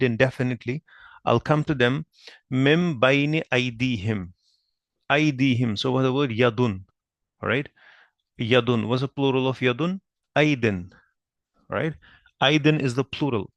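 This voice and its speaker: At a whiteboard, a man with a gravelly, medium-pitched voice teaches Arabic grammar in a dry recording. He takes each point patiently, spells out the Arabic terms at a slow pace, and regularly asks questions to confirm his listeners understand.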